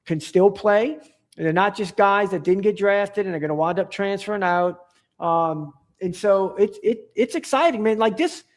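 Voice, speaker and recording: Man, high voice, casual podcast chat, enthusiastic, rambling, stop-start. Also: a little mellow. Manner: rambling, enthusiastic, many restarts and fillers. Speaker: podcast guest.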